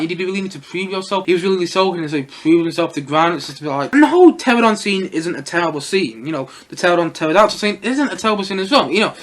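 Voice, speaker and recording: Fast-talking young male film reviewer. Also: sits high, a bit bright. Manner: chatty, rambling, lots of fillers and little laughs. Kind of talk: casual solo film review.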